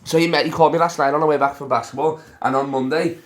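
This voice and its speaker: Male podcast host, crude banter, animated storyteller, voice a bit high, roomy echo. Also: very fast. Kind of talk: casual podcast chat. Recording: echoey room.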